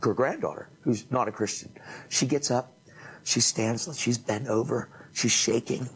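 A man preaching, telling an animated testimony story and acting out the people in it. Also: medium pitch, a little slow, slightly rough, rough recording. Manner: animated storytelling, acts out quoted voices. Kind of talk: emotional testimony.

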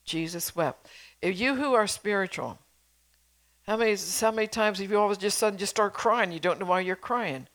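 A woman's voice: mid-range voice, moderate pace, a bit bright. A middle-aged woman preacher delivering a sermon, earnestly exhorting her congregation with rhetorical questions.

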